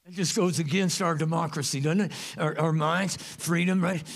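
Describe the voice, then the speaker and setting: A pastor delivers a sermon in a high, gravelly man's voice. He is animated and jokes as he goes, and he jumps into loud, emphatic bursts. It sounds like a church service. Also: normal speed. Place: church sanctuary.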